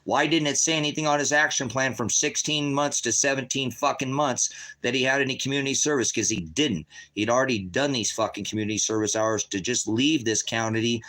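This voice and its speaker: Man, profane, heated rant, mid-pitched voice. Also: fairly quick, few pauses, pushed and bright. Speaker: father and channel host. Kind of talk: angry livestream rant.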